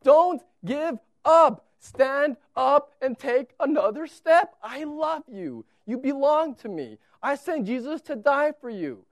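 A man's voice: very high voice, big pitch swings, takes it slowly, hardly any pauses, dry recording, clean studio sound, voice pushed up, exaggerated voice. A man voicing a heavenly father cheering his child on. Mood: cheering, tender. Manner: urgent, encouraging, repeated coaxing.

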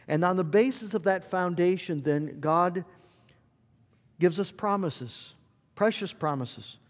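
Male pastor, sermon delivery, high voice, long church reverb. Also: slow. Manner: earnest, repeats words when searching for a phrase.

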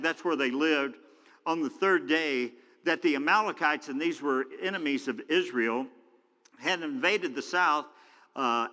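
A man preaching a sermon as pastor, telling the story with drama and swinging from loud, emphatic lines to hushed ones. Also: on the high side. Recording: long hall reverb.

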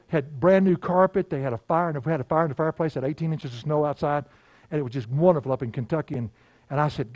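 An older man, preaching a sermon in a folksy storytelling way, laughing often and dropping to a hush. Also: a little high, no room sound. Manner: folksy storytelling, laughing, swings from loud to hushed. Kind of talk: sermon with personal stories.

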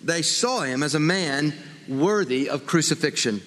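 A man's voice: a little high, expressive, unhurried, a bit bright. A man preaching a sermon as pastor, earnest and full of rhetorical questions. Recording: long hall reverb.

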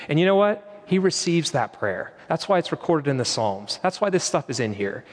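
A man's voice: fairly high pitch, big pitch swings, moderate pace, in a large hall. A man preaching a sermon in an earnest, conversational way, now and then quoting prayers aloud. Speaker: pastor.

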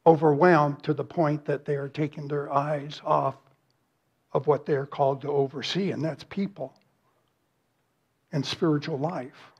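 A man's voice: a little high, fairly even intonation, unhurried, long pauses, breathy edge, dull audio. A man preaching a sermon as pastor, earnest and emphatic, with rhetorical questions and lists.

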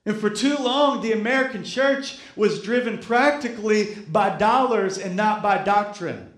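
A man's voice: high-pitched, unhurried, roomy sound. A male pastor preaching a sermon, repeating key phrases and calling on the congregation to respond. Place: church sanctuary.

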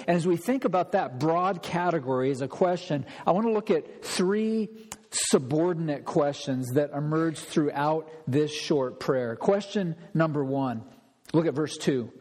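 A man's voice: on the high side, expressive, a little slow, a little mellow. A man preaching an expository sermon as pastor, speaking emphatically and acting out pleading prayers. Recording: long hall reverb.

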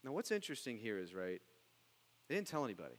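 A man preaching a sermon, animated, dropping to hushed tones and then rising into loud, excited bursts. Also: fairly low pitch, fast, in a large hall, poor audio. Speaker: pastor.

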